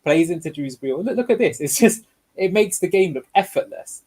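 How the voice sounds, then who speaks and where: A high-voiced man with lively intonation talks at a moderate pace, his tone on the darker side, over poor audio. He's a guest football analyst breaking down match footage tactically, guiding viewers through the clips step by step.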